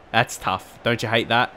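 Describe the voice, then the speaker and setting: A young man giving live, excitable commentary on his own video game match, with quick outbursts of frustration. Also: medium pitch, slight background noise. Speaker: gaming channel host.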